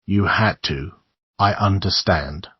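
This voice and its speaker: A man's voice: low-pitched, slow, breathy edge, no echo, lo-fi sound, full character voice. A man reading as a dazed, dreamy young man. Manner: dreamy, faraway.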